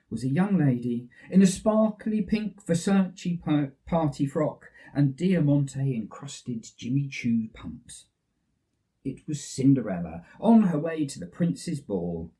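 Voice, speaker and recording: An English man reading a children's story aloud, lively and expressive. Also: fairly high pitch, recorded from a distance.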